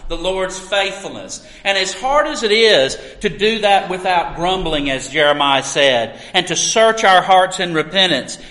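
A man preaching a sermon as pastor, earnest and storytelling, with emphatic pauses. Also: high voice, expressive, sharp tone. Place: church sanctuary. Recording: echoey hall with long reverb.

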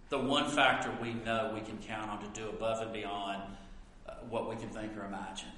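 A man preaching a sermon, swinging between loud emphatic lines and hushed asides. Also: mid-range voice, reverberant, in a large hall. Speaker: pastor.

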